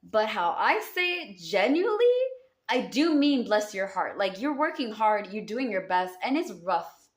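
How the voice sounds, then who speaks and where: A woman's voice: mid-range voice, sing-song, measured pace. A woman with a Southern US accent giving a casual tarot reading, speaking affectionately and calling her listeners honey and baby. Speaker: tarot card reader. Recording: roomy echo.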